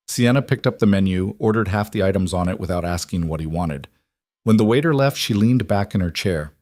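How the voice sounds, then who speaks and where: A man reading a scripted dramatic story in a steady, even narrating manner. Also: deep voice, fairly quick, no room sound, studio quality.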